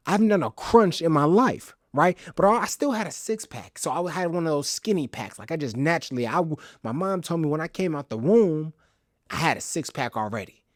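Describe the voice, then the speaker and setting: Animated young man telling stories. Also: on the high side, fairly quick, no echo, studio quality. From Chicago's South Side suburbs, Illinois. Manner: animated, comic exaggeration, casual slang. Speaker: podcast host. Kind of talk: solo storytelling monologue.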